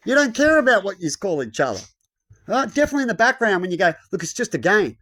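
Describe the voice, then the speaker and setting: A man in a casual rambling rant. He swears often and acts out the voices he quotes, often loudly. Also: high voice, wildly swooping pitch, quick pace.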